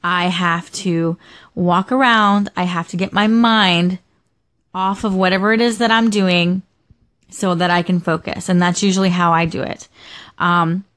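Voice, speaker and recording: A woman's voice: lowish voice, fairly even intonation, a little slow, a bit bright. A young adult woman vlogging casually about her day, rambling with lots of fillers and restarts. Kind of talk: casual personal storytelling.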